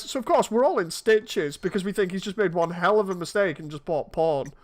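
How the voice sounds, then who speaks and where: A man's voice: high voice, brisk, soft background music. A man in his thirties, chatting casually and telling rambling stories while streaming a game. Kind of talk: casual chat while playing.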